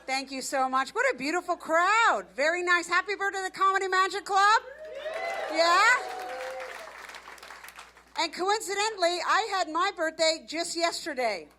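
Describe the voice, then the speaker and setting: A woman's voice: very high-pitched, moderate pace, pauses often. A woman in her fifties doing a brash, self-mocking stand-up set, working the crowd on a club stage with a handheld mic. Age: 50s. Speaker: stand-up comic. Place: comedy club stage before a live audience. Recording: live club recording with audience noise.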